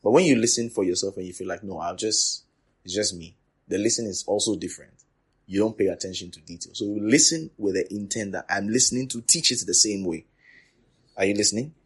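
A man's voice: fairly low pitch, brisk, breathy edge. A man preaching a sermon to trainee teachers, emphatic and repetitive, dropping to near whispers and rising again. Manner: repetitive, emphatic, swings from loud to quiet.

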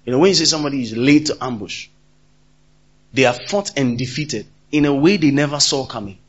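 Male preacher, husky, mid-pitched, emphatic sermon delivery, lo-fi sound. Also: a little fast. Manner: emphatic, repeats key phrases, swings between loud and soft.

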